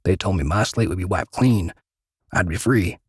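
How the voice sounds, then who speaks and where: A man's voice: low-pitched, moderate pace, breathy edge, no echo, clean studio sound. A man voicing a big, guilty middle-aged man who stammers and pleads through tears in a dramatic story reading. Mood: confessing. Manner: stammering, tearful.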